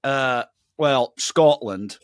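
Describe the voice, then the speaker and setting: A man's voice: mid-range voice, extremely slow, no echo, clean studio sound. A man from the Southern United States with a Southern accent, co-hosting a podcast and telling a story in a loose, profane way. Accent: Southern American. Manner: loose, profane, animated, with restarts. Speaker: podcast co-host. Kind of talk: casual storytelling chat.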